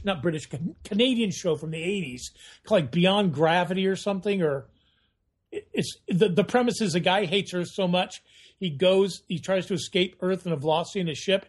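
A man chatting as a guest on a podcast, telling rambling, animated stories. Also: high voice, husky. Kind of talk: casual podcast chat.

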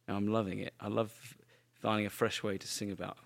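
Male songwriter guest, low gravelly voice, relaxed thoughtful conversation. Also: fairly quick. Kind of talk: casual chat.

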